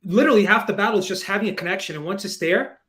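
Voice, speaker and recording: An excitable man with a notably high voice talks in a rushed, chatty way. He keeps tumbling from one thought to the next as he works the phones. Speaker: investor making cold calls. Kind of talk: excited casual chat on a livestream.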